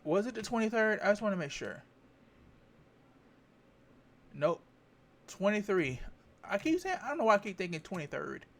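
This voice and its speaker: A man's voice: high-pitched, big pitch swings, fairly quick, a bit bright. Rambling man giving political commentary. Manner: rambling, repeats phrases, stops to check facts. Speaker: vlogger.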